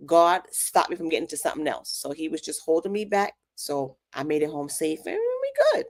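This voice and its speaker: A woman co-hosts a casual radio chat in a fairly low voice. Her banter is playful and teasing. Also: sing-song, a little fast. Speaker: radio co-host.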